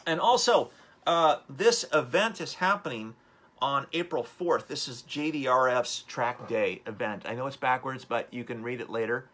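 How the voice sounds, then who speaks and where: Upbeat bright-voiced male live-stream host. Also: medium pitch, expressive, moderate pace. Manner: upbeat, rambling, exhorting viewers. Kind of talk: live-streamed motivational talk.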